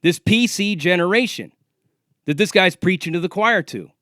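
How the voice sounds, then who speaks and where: A man in his forties delivers a combative, profanity-laced rant straight to the camera, calling out a rival. His voice sits high for a man, and the sound is dry and close, with no room around it. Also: animated, moderate pace, bright, forceful tone, no room sound. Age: 40s. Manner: confrontational, profane, taunting. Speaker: vlogger. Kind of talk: ranting monologue to camera.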